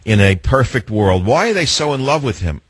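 Male talk radio host, husky and dry, sarcastic and lecturing toward callers. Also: medium pitch, very animated, brisk, no echo. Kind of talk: talk radio taking calls.

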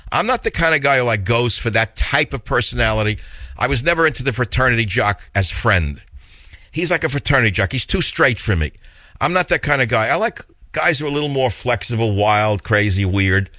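A man's voice: mid-range voice, expressive, brisk, bright, forceful tone, no echo, dull audio. A man with a heavy New York accent hosting a talk radio show, opinionated and rambling in a blunt monologue.

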